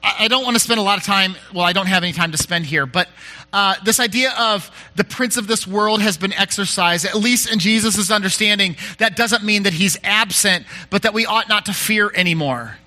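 A man's voice: sits high, fairly quick, sharp tone. A male pastor giving a conversational sermon, candid and self-deprecating, often restarting his sentences.

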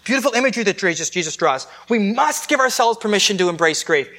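A man preaching a sermon in a conversational way, with quick restarts and joking asides. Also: sits high, animated, fairly bright tone. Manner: conversational, with repeated restarts and self-deprecating asides. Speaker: pastor.

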